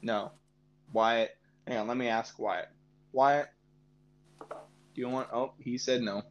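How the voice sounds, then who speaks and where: A man's voice: medium pitch, fairly even intonation, slow pace, dull audio, background noise. A young man co-hosting a podcast in casual chat, laughing often and rambling. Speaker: podcast co-host.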